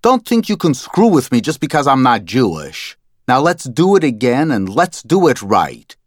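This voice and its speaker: A man's voice: mid-range voice, very animated, moderate pace, no echo, studio quality, voice pushed up. A man voicing a pushy middle-aged male recording producer who talks in a brusque, demanding way. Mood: annoyed.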